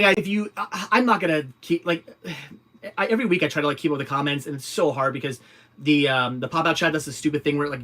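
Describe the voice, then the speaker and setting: A man's voice: on the high side, a bit bright. A young adult man hosting a casual livestream, reading out viewer comments and answering in a rambling way with lots of fillers and restarts. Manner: rambling, many fillers and restarts, laughs easily.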